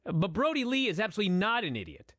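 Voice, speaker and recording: A man's voice: high voice, fast talker, no echo, studio quality. A man co-hosting a podcast in casual chat, swearing freely and giving blunt opinions. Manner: profane, opinionated, animated. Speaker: podcast co-host. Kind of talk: casual chat, wrestling review.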